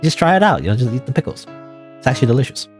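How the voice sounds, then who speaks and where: A man's voice: mid-range voice, big pitch swings, very fast, soft background music. A man streaming a game, rambling and self-deprecating with chuckles. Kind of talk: game playthrough commentary.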